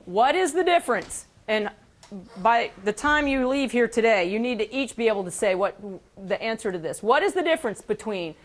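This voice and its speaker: A woman teaching a school band, giving brisk directions and counting off. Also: on the high side, expressive. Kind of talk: classroom instruction.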